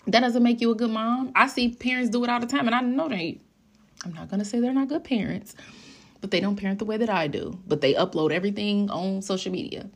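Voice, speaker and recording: A woman's voice: mid-range voice, quick pace, gravelly, breathy edge. A woman hosting her own podcast, talking candidly and casually, swearing freely and quoting her kids. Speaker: podcast host. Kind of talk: casual solo podcast talk.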